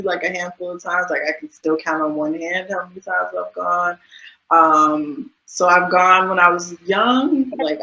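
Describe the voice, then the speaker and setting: A woman in her thirties from the USA talks in a bright, forceful voice that sits low, speaking casually as an interview guest. She chats freely with lots of fillers. The recording is dull and lo-fi with a roomy echo. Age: 30s. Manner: chatty, many fillers and laughs.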